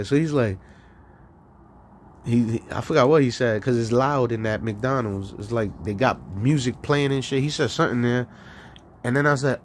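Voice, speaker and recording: A man's voice: medium pitch, normal speed, slight background noise. A man from New York hosting a live stream, ranting profanely and telling stories, stammering through restarts. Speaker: solo live-stream host. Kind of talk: ranting monologue.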